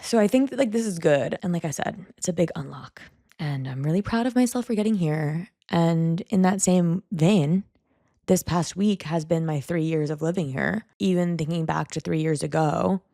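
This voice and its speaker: A woman's voice: on the low side, gravelly, a little mellow, no echo, clean studio sound. A young woman vlogging a candid, rambling personal monologue, full of "like" fillers. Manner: rambling, frequent "like" fillers, self-critical venting.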